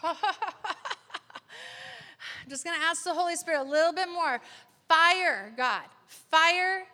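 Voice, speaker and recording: A woman with a very high, bright voice leads spontaneous prayer. She repeats phrases slowly and punctuates them with sighs and exclamations. Her voice rings out with a long reverb, as in a large hall. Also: fairly even intonation. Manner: repetitive, exclamatory, with breathy sighs and whews. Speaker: prayer leader.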